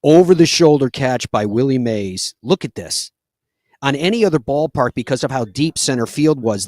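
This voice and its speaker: A man's voice: mid-range voice, lively intonation, moderate pace, a little mellow, no echo. A man hosting a live golf talk show, telling stories in an earnest, conversational way with frequent fillers.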